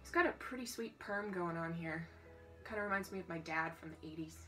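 A woman reading a storybook aloud in a casual way, breaking off for quick, joking asides. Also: fairly low pitch, fairly bright tone, soft background music, poor audio.

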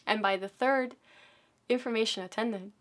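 A woman's voice: a little high, normal speed. Woman telling a personal story. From South America. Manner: lively, vivid retelling with acted quotes. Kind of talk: personal story told to an audience.

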